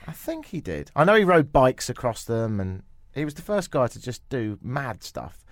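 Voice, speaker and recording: A man's voice: medium pitch, very animated, moderate pace, dry recording, studio quality. A young man hosting a radio show, joking and riffing in casual chat. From England. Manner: jokey, playful, riffing.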